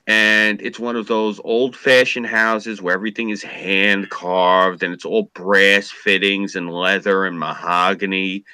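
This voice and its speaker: A man's voice: low-pitched, little pitch movement, measured pace, few pauses, sharp tone, clear, resonant tone, no room sound. A man, a former journalist, ranting profanely and mocking people in a casual political chat. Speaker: podcast co-host, former journalist.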